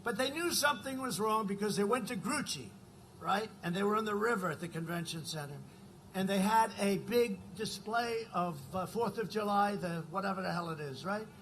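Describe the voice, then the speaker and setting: A man with a high, somewhat bright voice gives a rally speech at normal speed, looping back over points and repeatedly asking the crowd "right?" There's a faint hiss or hum in the recording.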